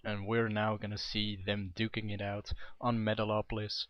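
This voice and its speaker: A man's voice: fairly low pitch, little pitch movement, unhurried, hardly any pauses, dry recording. A young man casting a video game match in a chatty, rambling way, often correcting himself. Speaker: game commentator. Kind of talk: amateur esports commentary. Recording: dull, dry home mic.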